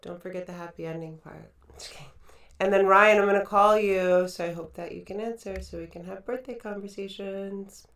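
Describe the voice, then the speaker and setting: A woman hosting a casual show, signing off with quick playful jokes and asides. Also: mid-range voice, steady tone, fairly bright tone. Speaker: podcast host. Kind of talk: casual chat show sign-off. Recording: roomy echo, mic at a distance.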